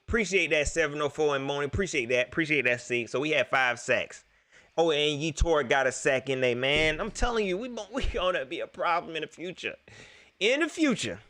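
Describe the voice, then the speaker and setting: A young man hosting a live post-game stream, talking casually to his viewers and laughing often. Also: fairly high pitch. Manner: animated, laughs often, talks straight to the chat. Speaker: live-stream sports show host.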